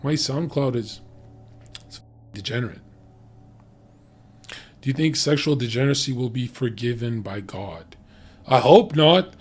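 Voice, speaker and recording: A man's voice: mid-range voice, lively intonation, unhurried, pauses often, husky, faint music behind. A man talking bluntly and profanely in a heated, ranting casual chat about dating. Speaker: podcast guest giving dating opinions.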